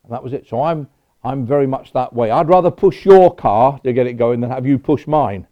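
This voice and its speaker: A man's voice: mid-range voice, lively intonation, brisk. A man preaching a sermon in a conversational way, with personal asides. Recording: dull lo-fi recording.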